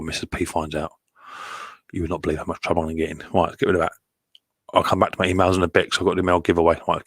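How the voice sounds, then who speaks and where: A middle-aged man hosts a live stream from home, greeting viewers and chatting away cheerfully. He talks fast in a bright, forceful voice. The sound is dry and close, with no room echo. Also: low voice, slightly rough. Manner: chatty, cheerful, reads viewer comments aloud. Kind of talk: casual live stream chat.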